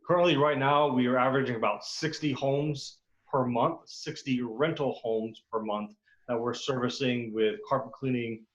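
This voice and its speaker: A man pitching his restoration company on a video call, in a plain salesy way with some fillers. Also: fairly even intonation, moderate pace. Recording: dull lo-fi video call audio.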